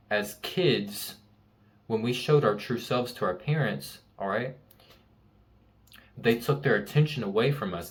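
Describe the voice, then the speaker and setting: A young man giving an earnest, emphatic motivational talk, repeating key lines and swearing casually. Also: on the low side. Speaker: self-help speaker.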